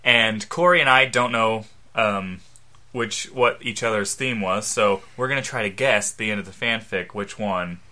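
A man co-hosting a comedy podcast, explaining things with many pauses and ums. His voice is crisp and bright. He sounds casual and unhurried. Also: on the low side. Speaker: podcast co-host.

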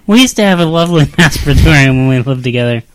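A man co-hosting a comedy podcast, throwing in quick deadpan quips. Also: a little high. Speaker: podcast co-host. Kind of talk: casual banter.

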